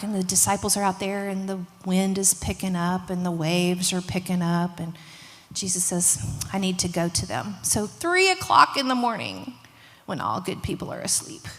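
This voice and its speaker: Animated woman telling a kids' Bible story. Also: mid-range voice. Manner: animated storytelling, acting out voices, hushed emphasis. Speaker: children's church teacher. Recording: long hall reverb.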